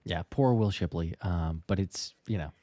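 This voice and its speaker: A man's voice: low voice, moderate pace, dark tone, dry recording. A man hosting a live sports Q&A stream, reading out viewer comments and riffing between them in a loose, chatty way. His voice is close and dry, with no room sound around it. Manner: loose and chatty, lots of fillers and restarts. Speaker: podcast host reading live questions. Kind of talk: casual live Q&A chat.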